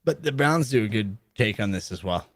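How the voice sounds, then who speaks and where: A man's voice: fairly low pitch, lively intonation, fairly quick, dry recording. A man co-hosting a casual livestream chat, out of breath, joking and teasing the others. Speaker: co-host.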